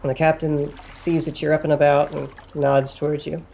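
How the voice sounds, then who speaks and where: A man narrating as game master of a tabletop role-play, describing scenes in a relaxed way with fillers and chuckles. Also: a little high, moderate pace, gravelly, slight background noise.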